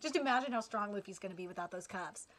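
A woman streamer giving a casual live reaction while reading manga, excitable and swearing, with fillers. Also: mid-range voice, fast talker.

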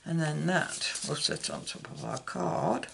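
Guy rambling thru a card tutorial, slow and gravelly. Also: fairly high pitch, a bit bright, slight background noise. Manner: chatty, rambling, loses track mid-thought. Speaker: craft channel host. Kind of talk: casual card-making demonstration.

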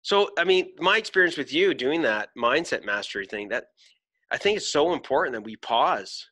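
A man hosting a podcast, telling an animated story in casual chat, swearing freely and acting out voices. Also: a little high, normal speed. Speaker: podcast host.

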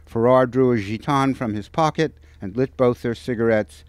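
Novelist reads his book aloud at a bookstore, measured delivery, dry close sound, middle pitch. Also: smooth, dry recording. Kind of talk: author reading from his novel. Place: bookstore event.

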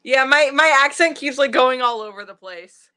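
A woman co-hosting a podcast in casual chat, giggly and animated. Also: high voice, moderate pace, smooth. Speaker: podcast co-host.

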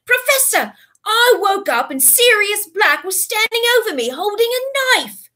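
A frantic teenage boy wizard in a storybook reading, as a woman puts him on. He yells in high, shrill bursts that leap all over the place. The tone is bright and cutting. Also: animated, a little slow, full character voice. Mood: panicked. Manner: shrill, panicky, shouting.

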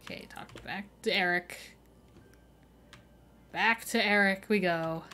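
A young woman talks casually to her chat while she streams a game. She is chatty and laughs often as she greets viewers and answers their questions. Her pitch sits in the middle of the usual range. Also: slow pace, sharp tone.

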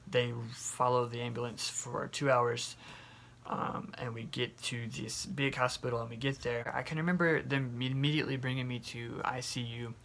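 Young guy vlogging his story, bright voice with a gravelly edge, chatty, lots of um and like, little hiss behind. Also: mid-range voice, normal speed. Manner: chatty, animated retelling with many fillers and quoted asides. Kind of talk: casual storytelling to camera.

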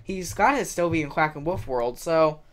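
A man's voice: on the high side, expressive, moderate pace. A man hosting a game video, chatting and thinking aloud, often exclaiming in surprise. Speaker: let's play host. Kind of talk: gameplay commentary.

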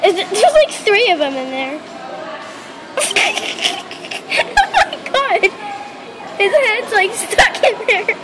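A woman's voice: very high voice, very animated, slow, pauses often, low-quality recording. A woman chatting casually and giggling as she watches animals, exclaiming often.

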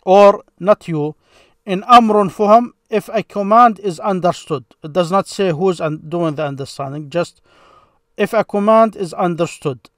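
A man teaching a grammar lesson, slowly and patiently explaining each form with repeated examples. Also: sits high, dry recording, studio quality.

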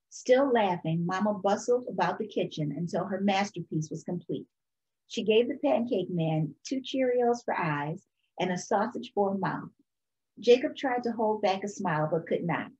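A woman's voice: mid-range voice, dull audio. Woman reading a children's story aloud. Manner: calm, expressive storytelling. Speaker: storytime reader.

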